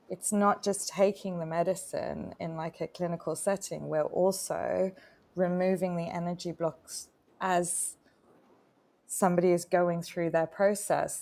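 This retreat facilitator, co-hosting a relaxed live-stream chat, has a lowish, creaky, slightly mellow voice. Her personal story comes across as sincere and heartfelt.

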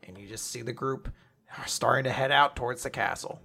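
A man's voice: medium pitch, fairly quick, creaky, sharp tone. A man casually recapping a comic on a podcast, animatedly retelling scenes and acting out characters' lines with frequent laughs. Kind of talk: casual chat.

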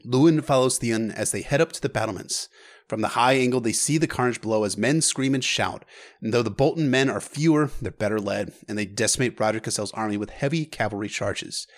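A man narrating a casual story recap with relaxed phrasing and occasional stammered restarts. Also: on the low side, a little fast.

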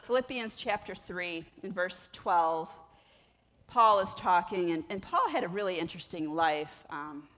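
A woman's voice: on the low side, lively intonation, a little slow, fairly bright tone, in a large hall. A woman pastor preaching a sermon in a church, conversational and emphatic, rising and falling in intensity.

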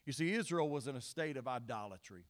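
A male pastor, preaching a sermon that swings between quiet Bible reading and shouted, pleading appeals. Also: medium pitch, expressive, quick pace.

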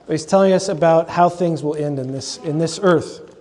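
At a convocation in a large lecture hall, a man with a fairly high, slightly mellow voice hosts a humorous, conversational scripture lecture at normal speed. He makes asides to his audience, and the live talk carries long hall reverb.

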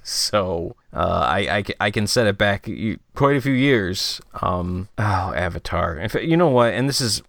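A man co-hosting a podcast, ranting in casual chat, his voice jumping high when he is exasperated. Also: lively intonation, moderate pace, vocal fry, hardly any pauses, a bit bright, dry recording, clean studio sound. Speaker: podcast co-host.

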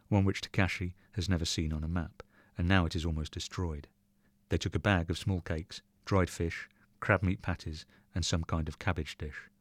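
A man reading a short story aloud in measured, even narration. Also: low voice, dry recording. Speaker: reader.

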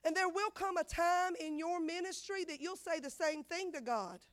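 A woman preaching a sermon, repeating phrases and acting out the voices in her story, swinging from loud to hushed. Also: very high voice, normal speed. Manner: dramatic swings of loudness, acts out quotes, repeats phrases.

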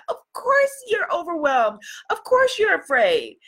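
A woman coaching viewers on a livestream, warm and encouraging, greeting them by name and repeating phrases for emphasis. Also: very high-pitched, wildly swooping pitch, a little slow. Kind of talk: live motivational coaching.

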